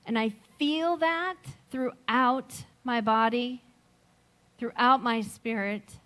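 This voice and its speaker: A middle-aged woman giving a sermon, slow and reflective, telling a personal story with gentle laughs. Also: a little high. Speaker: speaker at a Sunday service.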